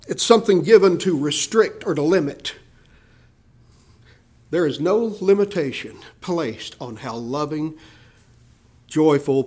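Guy preaching a sermon, kinda high voice, acts out the characters, keeps asking the crowd questions. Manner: animated preaching, acting out quoted voices, rhetorical questions. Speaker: pastor.

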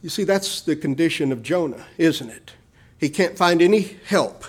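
A male preacher giving a sermon with dynamic swells and hushed drops, often calling his listeners beloved. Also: on the high side, lively intonation, moderate pace, husky.

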